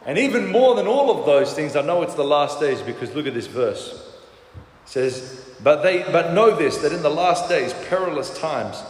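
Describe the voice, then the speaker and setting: High-voiced preaching man in echoey hall. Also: sing-song, normal speed. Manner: emphatic preaching with many "uh" fillers. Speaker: pastor. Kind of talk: sermon. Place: large church hall.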